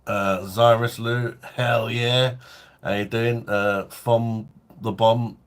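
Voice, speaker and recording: A man's voice: mid-range voice, little pitch movement, slow pace, smooth. A man hosting a casual beer review livestream, chatting laid-back and reading out viewer comments. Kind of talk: casual live-stream chat.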